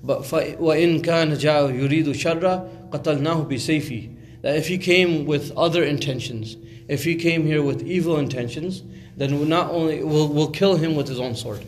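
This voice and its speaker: A man's voice: fairly high pitch, racing. Man retelling a story in a sermon. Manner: conversational, many fillers and restarts, quotes Arabic. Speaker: Islamic speaker.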